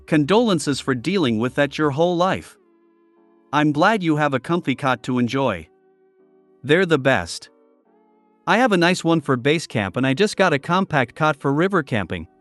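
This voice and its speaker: A man narrating online stories in a steady, even reading voice. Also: fairly high pitch, dry recording.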